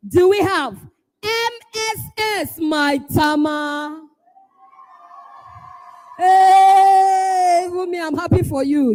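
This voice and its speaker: High, lively Nigerian woman hosting an event. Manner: playful, teasing, often shouting to hype the crowd. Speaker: event host. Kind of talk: live event hosting, calling out schools.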